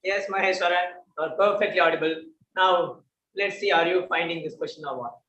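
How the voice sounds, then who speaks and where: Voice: mid-range voice, fairly quick, a bit bright, slight background noise. Playful quiz host, roomy. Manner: teasing, playful announcements. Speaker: meeting host running a quiz game. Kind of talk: lively online meeting hosting. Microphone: video call. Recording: roomy, dull video-call audio.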